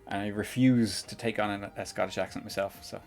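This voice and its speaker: A man with a Northern Irish accent talks through code on a live stream, drifting into rambling chat with his viewers. His voice sits on the low side with a gravelly, creaky edge, and he chuckles often as he goes. Faint music and typing play behind him. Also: steady tone, fairly quick, darkish tone. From Northern Ireland. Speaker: programming streamer. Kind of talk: live coding tutorial with casual chat.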